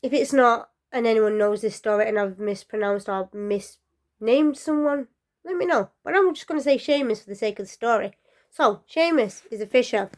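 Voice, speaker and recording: Woman storyteller, casual folklore telling, chatty asides, lots of fillers, soft near-whispers, a bit high-pitched. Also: normal speed.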